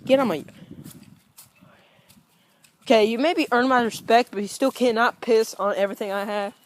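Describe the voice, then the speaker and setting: High-voiced woman scolding dogs outdoors. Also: normal speed. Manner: profane, blunt, playful scolding. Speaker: vlogger. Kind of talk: casual vlog, talking to dogs. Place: outdoor yard at home.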